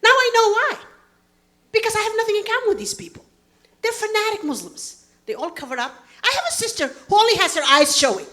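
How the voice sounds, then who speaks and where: A woman's voice: extremely high pitch, expressive, brisk. A woman, doing a brash, profane stand-up comedy set. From Somalia. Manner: brash, loud outbursts, profane.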